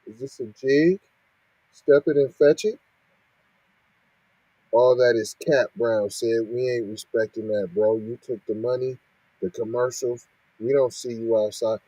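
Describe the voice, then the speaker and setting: Heated man ranting in a dry, husky voice. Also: mid-range voice, fairly even intonation, unhurried, pauses often, dark tone, no room sound, rough recording. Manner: heated, scolding rhetorical questions. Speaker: podcast host reacting to news. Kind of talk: reading and ranting commentary.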